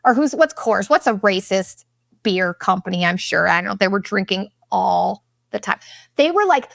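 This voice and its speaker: A young woman hosting a podcast, telling a travel story in a casual, animated, profane way. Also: mid-range voice, moderate pace, gravelly, no echo, clean studio sound. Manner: profane, animated, exaggerated retelling. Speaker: podcast host.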